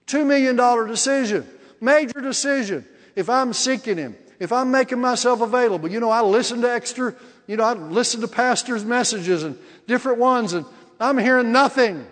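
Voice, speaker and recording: An older male preacher with a high voice tells his testimony in a lively, animated way, often repeating and restarting his phrases. His voice carries a long echo through a big hall. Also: brisk. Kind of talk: sermon with testimony.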